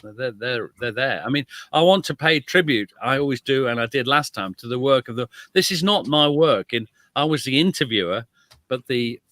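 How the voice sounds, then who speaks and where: A British man, a guest author and historian, telling history in a lively conversational way with self-deprecating asides. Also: medium pitch, moderate pace, no echo. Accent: British English. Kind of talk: animated conversational storytelling.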